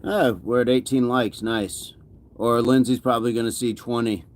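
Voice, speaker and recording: A man's voice: mid-range voice, steady tone, moderate pace. Upbeat man chatting on a livestream. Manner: upbeat and chatty, laughs often, greets viewers by name. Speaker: fitness livestream host. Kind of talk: casual livestream chat reading viewer comments.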